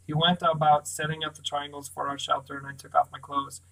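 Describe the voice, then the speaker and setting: A man reads a novel aloud in first person, keeping his narration steady. His melody hardly moves, and his voice sits slightly high for a man. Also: brisk, creaky, poor audio. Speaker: audiobook reader.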